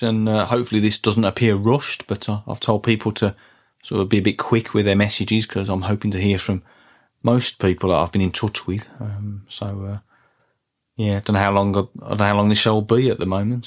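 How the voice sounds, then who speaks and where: A man hosting a comic podcast, talking in a deadpan, hesitant, rambling way. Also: on the low side. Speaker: podcast host.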